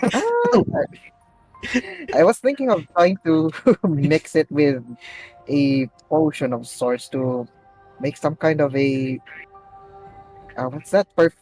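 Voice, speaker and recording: A man's voice: takes it slowly, long pauses, faint music behind, low-quality recording. A man playing in a tabletop game, chatting casually and playfully about his character's plans. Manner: playful, jumps high when excited. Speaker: player.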